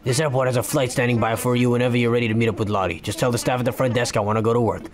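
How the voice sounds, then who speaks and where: Give me a man playing a gentle, courteous raccoon boss in a cozy game, speaking fast. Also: mid-range voice, steady tone, pitched below the performer's own voice, close to an everyday voice. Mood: polite. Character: polite raccoon businessman, older male, fatherly. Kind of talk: reading game dialogue aloud.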